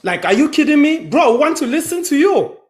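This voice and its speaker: A woman's voice: sits high, very animated, brisk, darkish tone. A woman on a live stream, urging and exasperated as she presses for an explanation. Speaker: guest speaker. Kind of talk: casual live-stream discussion.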